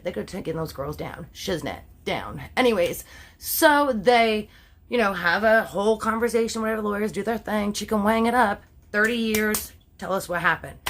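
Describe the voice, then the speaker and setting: A woman's voice: mid-range voice, a bit bright. Chatty woman swearing through a story. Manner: chatty, swears then corrects herself. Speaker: storytime host. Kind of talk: casual true-crime storytelling.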